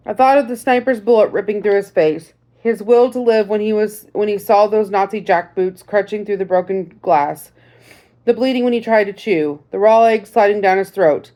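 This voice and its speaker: A woman narrating a first-person audiobook in a measured, reflective storytelling manner. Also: mid-range voice, dark tone.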